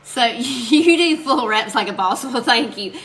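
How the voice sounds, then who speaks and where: A woman's voice: fairly high pitch, animated, a little slow, fairly bright tone, a little hiss or hum. A woman from Alabama with a Southern accent, chatting casually with viewers while she crafts on a live stream, laughing often and reading out their comments. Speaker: crafting livestream host.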